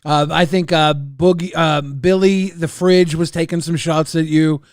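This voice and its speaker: A man's voice: on the high side, steady tone, measured pace, no room sound. Dry-sounding male co-host. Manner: reads out chat messages, steers the conversation. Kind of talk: casual livestream chat.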